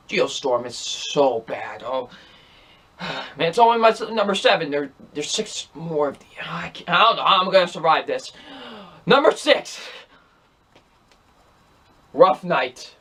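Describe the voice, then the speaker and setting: Exasperated high-voiced young man. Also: animated, unhurried, long pauses, sharp tone, husky. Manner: exasperated, rambling, repeats himself. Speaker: movie reviewer. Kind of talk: casual ranking video.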